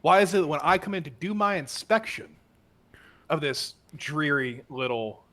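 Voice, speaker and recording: A man's voice: mid-range voice, expressive, unhurried, slightly rough. A man voicing a stern male inspector who scolds a guard captain with rhetorical questions during a tabletop role-play. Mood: scolding. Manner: barking, indignant, rhetorical questions.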